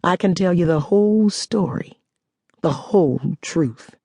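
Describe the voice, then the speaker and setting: A self-assured woman with a dry, teasing wit, voiced by a woman narrator in an audiobook. Her voice is warm and a touch husky, recorded close and dry. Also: on the low side, animated, a little slow, no echo, full character voice. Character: confident sharp-witted woman chemist, teasing.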